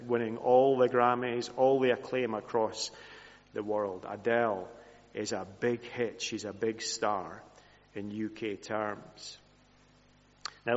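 Man, sermon, earnest, softening phrase endings, mid-pitched voice, long church reverb. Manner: earnest, voice sinking soft at phrase ends. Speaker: preacher. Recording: reverberant hall, dull lo-fi sound.

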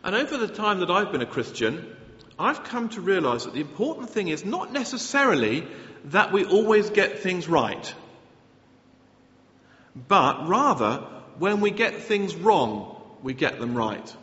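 A man preaching a sermon, earnest and animated, often restarting his phrases. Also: high-pitched, a little slow. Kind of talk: sermon with Bible reading. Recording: echoey hall, slightly dull sound.

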